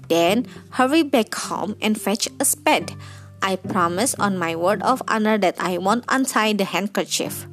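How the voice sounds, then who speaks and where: A woman's voice: mid-range voice, lively intonation, a little slow, faint music behind, natural voice. A woman voicing a tiny, cross male leprechaun in a storybook reading. He grumbles and bargains in a wheezy voice. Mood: sly.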